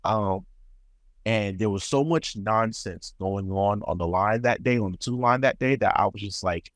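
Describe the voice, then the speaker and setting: A man with a lowish voice tells a story on a podcast, jumping up in pitch whenever he acts out what he said. The sound is close and dry, with no room around it. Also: normal speed, dry recording. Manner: animated storyteller, acts out his own quoted lines. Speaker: podcast co-host. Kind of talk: casual storytelling chat.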